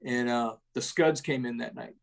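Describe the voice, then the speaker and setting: A man's voice: mid-range voice, normal speed, creaky. A middle-aged man, an army veteran, telling war stories in a rambling, salty way, full of restarts and tags like "man" and "right?". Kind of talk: casual war storytelling.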